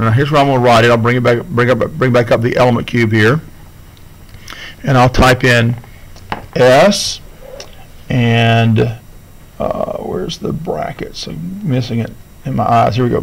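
A man's voice: medium pitch, rough recording. A man teaching a class video lesson, talking students through each step on screen in a casual, checking-in way.

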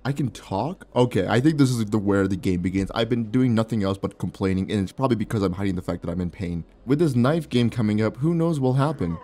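A man's voice: lowish voice, animated, quick pace, few pauses, mellow. A young man with a sore mouth giving playful let's play commentary, joking, laughing often and reading game text aloud. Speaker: gaming YouTuber.

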